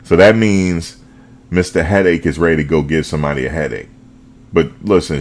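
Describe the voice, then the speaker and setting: Very deep-voiced man talking football. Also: brisk. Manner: animated, repeats himself, slangy. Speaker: fan show host. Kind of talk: casual football talk.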